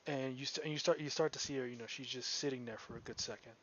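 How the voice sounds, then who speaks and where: A man's voice: mid-range voice, fairly even intonation, fast talker, fairly bright tone, lo-fi sound, slight background noise. A man narrating as game master, rambling and restarting his sentences often.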